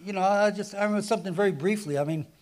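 Middle-aged male preacher, fairly high voice, animated anecdotal sermon delivery with frequent restarts. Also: very fast. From New Jersey. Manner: animated storytelling, many restarts, lively swings in pitch and volume. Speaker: guest preacher. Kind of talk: sermon with retold dialogue.

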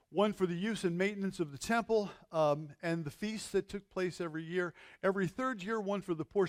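A male pastor preaching a conversational sermon, with rhetorical questions and slowing down to stress key words. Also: high-pitched, no room sound.

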